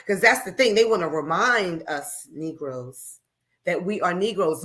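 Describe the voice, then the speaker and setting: A woman hosting a radio talk show, talking off the cuff in a blunt, profane, heated way, dropping to low mutters and then rising to loud outbursts, into a studio microphone. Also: a little slow. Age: adult, raising children. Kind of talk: unscripted radio talk monologue.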